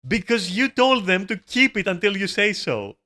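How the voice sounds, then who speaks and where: A man's voice: high voice, big pitch swings, normal speed, bright, forceful tone. A man giving live gameplay commentary, swearing often, laughing and exclaiming in dismay. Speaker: gamer streaming a raid.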